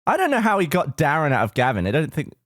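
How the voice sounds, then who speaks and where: A British man trades wry, laughing remarks in casual podcast chat. His fairly high voice swings up and down freely, and the sound is close and dry with no room around it. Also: wildly swooping pitch, fast talker, fairly bright tone, no echo. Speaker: podcast co-host.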